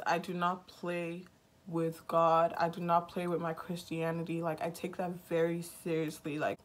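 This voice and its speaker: A woman in her twenties from Nigeria, talking casually in a get-to-know-me vlog with a slow, monotone, dry sarcastic delivery. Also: on the low side. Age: 20s. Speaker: vlogger.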